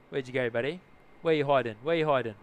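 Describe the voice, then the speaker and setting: A man with a New Zealand accent hosting a casual live plane-spotting stream outdoors, chatting and greeting viewers. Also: medium pitch. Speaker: livestream host, plane spotter. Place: outdoors near an airport.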